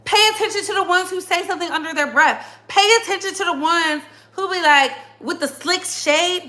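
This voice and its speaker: In this heated commentary monologue, a woman running her own channel talks bluntly and with emphasis, repeating phrases to drive her points home. Her voice is high-pitched and bright, with a forceful tone.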